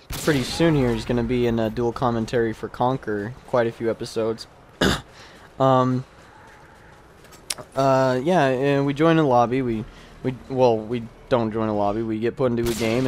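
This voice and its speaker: A young man in his twenties doing casual, rambling video game commentary, chatty and quick to laugh. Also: medium pitch, a little hiss or hum. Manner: rambling, chatty, laughs often, many restarts. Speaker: gameplay commentator.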